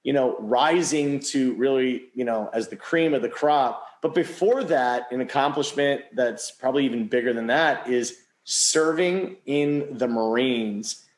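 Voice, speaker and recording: A man's voice: mid-range voice, a little slow, few pauses, roomy sound, low-quality recording. A man hosting an interview, asking earnest questions with admiration. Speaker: interview host. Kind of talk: casual interview.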